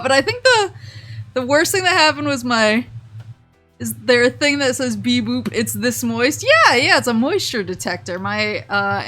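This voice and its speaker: A woman's voice: on the high side, sharp tone. A woman vtuber chatting casually on stream, telling a rambling story with frequent laughs, restarts and fillers.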